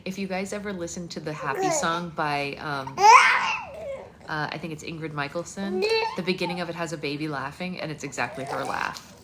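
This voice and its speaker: A woman hosting a livestream book club, reading a novel aloud and cooing softly to a baby between passages. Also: sits low, brisk. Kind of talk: casual livestream read-aloud and chat. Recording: loud background noise.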